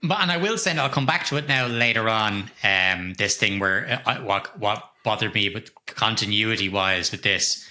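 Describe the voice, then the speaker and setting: A middle-aged man co-hosting a podcast, retelling a horror film's plot in an animated, casual way with plenty of swearing. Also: fairly low pitch, moderate pace, hardly any pauses. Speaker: podcast co-host. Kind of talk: casual film review chat.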